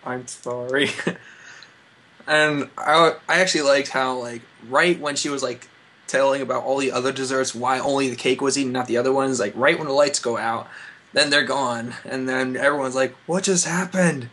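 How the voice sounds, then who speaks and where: A man's voice: medium pitch, steady tone, moderate pace, pushed and bright. A man chatting casually on a podcast, jokey and rambling. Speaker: podcast guest. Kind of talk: casual chat.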